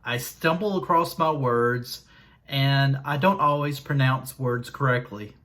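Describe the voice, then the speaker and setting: A man with a thick Southern drawl talks straight to his viewers in a relaxed vlog. He is folksy and pokes fun at himself, and he speaks slowly and deliberately, as if to make sure he is understood. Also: medium pitch. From Southern United States. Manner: self-deprecating, folksy, slow and deliberate. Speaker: YouTuber. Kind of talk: casual vlog monologue.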